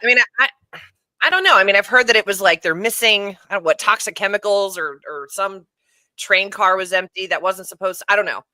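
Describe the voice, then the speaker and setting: A woman co-hosting a casual chat show from home, chatty and quick to laugh, often trailing off mid-thought. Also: mid-range voice, pushed and bright, no room sound. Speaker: podcast co-host. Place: home room.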